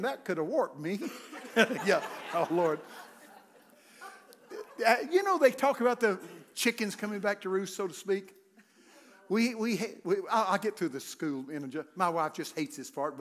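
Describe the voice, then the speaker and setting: An older man preaching a humorous sermon, telling folksy stories and breaking into loud shouts. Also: sits high. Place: church sanctuary.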